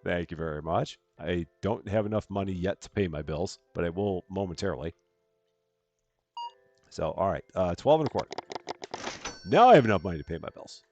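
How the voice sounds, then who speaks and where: A man's voice: sits low, animated, moderate pace, long pauses, a little mellow, dull audio, soft background music. A man streaming a game live, chatting through his moves and thanking viewers as he plays. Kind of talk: live gameplay commentary.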